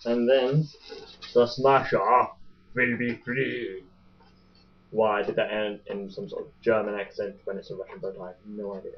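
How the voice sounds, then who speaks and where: A man's voice: lowish voice, flat delivery, a little fast, few pauses. Young man, chatty and jokey, rambling unboxing vlog, muffled webcam audio. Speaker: vlogger unboxing a toy boat. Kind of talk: casual unboxing commentary. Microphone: webcam mic.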